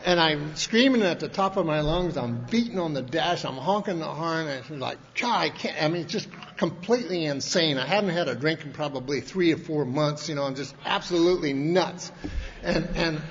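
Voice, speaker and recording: A man's voice: on the high side, moderate pace. Rambling man in an echoing hall. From Montana, USA. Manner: folksy and rambling, full of restarts and colloquial grammar. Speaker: speaker at a recovery convention. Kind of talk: personal recovery story told to an audience. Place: large convention hall. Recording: long hall reverb, dull lo-fi archival tape, faint hiss.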